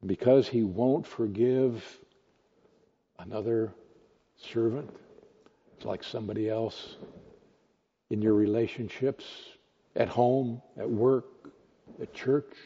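A male pastor gives a deliberate, unhurried sermon and asks his listeners rhetorical questions as he teaches. His voice is warm and somewhat husky. The recording sounds dull and lo-fi, with a long reverb trailing through a large hall. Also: on the low side, steady tone. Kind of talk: expository sermon.

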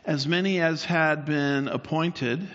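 A man with a slightly high, somewhat bright voice teaches the Bible in a sermon, speaking slowly and steadily. He explains at length and poses rhetorical questions to listeners. The recording sounds dull, with long hall reverb.

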